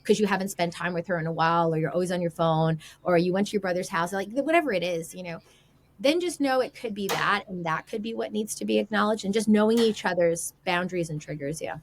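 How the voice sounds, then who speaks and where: Animated woman giving marriage advice. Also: lowish voice, quick pace, slight background noise. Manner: animated, acts out quoted remarks. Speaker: podcast guest, marriage advisor. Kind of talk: casual advice chat.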